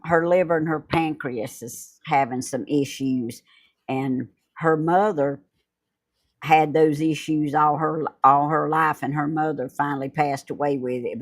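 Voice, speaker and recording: A woman's voice: deep voice, fairly even intonation, measured pace. A middle-aged woman hosting a home video, chatting casually and laughing often. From Georgia. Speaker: YouTube host. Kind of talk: casual chat.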